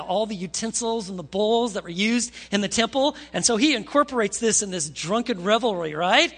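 A male pastor preaching a sermon, retelling stories with animated, conversational asides to the congregation. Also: extremely high pitch.

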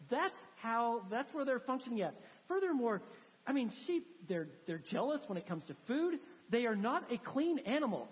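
Brief: chatty, emphatic woman preacher, slightly high voice, long hall reverb. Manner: conversational, emphatic, many fillers. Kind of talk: sermon.

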